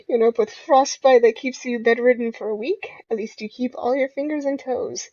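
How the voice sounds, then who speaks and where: A woman's voice: on the high side, steady tone, normal speed, few pauses, darkish tone, no room sound. Giggly young woman reading a dating game. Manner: playful, giggly, joking. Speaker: gamer. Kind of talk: let's play, reading a dating game aloud. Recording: dull lo-fi home recording.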